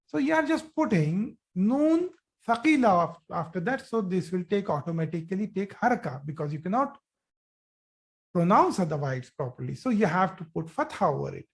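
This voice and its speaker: A man's voice: sits high, big pitch swings, moderate pace, vocal fry. A man teaching Arabic grammar in a live online lesson, patient, often praising his students.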